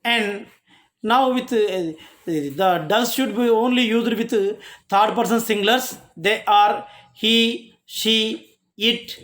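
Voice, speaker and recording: A college lecturer with an Indian English accent giving a grammar lesson, halting often and restarting sentences as they explain each example. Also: mid-range voice.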